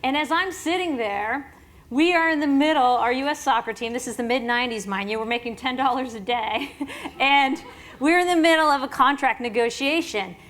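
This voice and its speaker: A woman in her forties interviewing on stage at an awards event, an animated storyteller who laughs often. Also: sits high, fairly quick.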